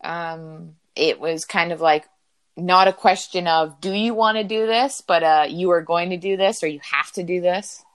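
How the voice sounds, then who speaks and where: A woman guest on a casual podcast chat. She asks questions hesitantly and backs up the host as she listens. Her voice sits a bit low. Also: normal speed, smooth.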